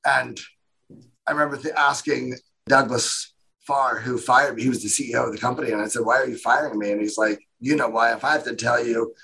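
A man, a guest in a casual interview, telling his story in a rambling, animated way and acting out what other people said. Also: medium pitch, fairly quick, creaky, slight background noise, low-quality recording. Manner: rambling, animated retelling with quoted voices.

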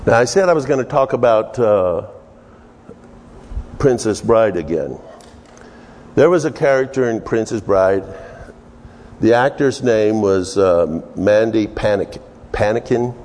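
A man preaching a sermon, working through scripture in an unhurried, halting way with many restarts. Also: fairly low pitch, lively intonation, darkish tone. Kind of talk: sermon with verse study. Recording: long hall reverb.

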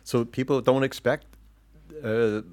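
A man's voice: medium pitch, fairly even intonation, unhurried, a little mellow, no echo. A man co-hosting a podcast, chatting casually and joking with frequent laughs. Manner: laughs often, jokey. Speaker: podcast co-host. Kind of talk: casual chat.

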